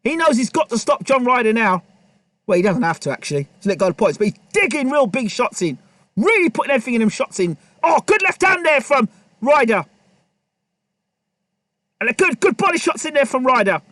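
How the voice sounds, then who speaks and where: High-voiced excitable boxing commentator. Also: male voice, brisk, no room sound. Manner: excitable, repetitive, talks to the fighters. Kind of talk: live play-by-play commentary.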